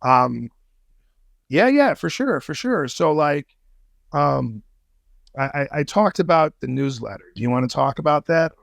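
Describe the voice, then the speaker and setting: A man's voice: fairly high pitch, animated, unhurried, vocal fry, pauses often, no echo, clean studio sound. A man guesting on a podcast, telling a story in casual talk, swearing freely and using street slang.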